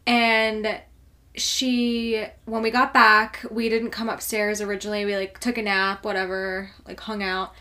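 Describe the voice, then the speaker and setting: A woman's voice: mid-range voice, level tone, a little slow, bright, forceful tone. A young woman co-hosting a podcast, telling a story in a casual, rambling way with lots of "like". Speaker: podcast co-host. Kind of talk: casual chat.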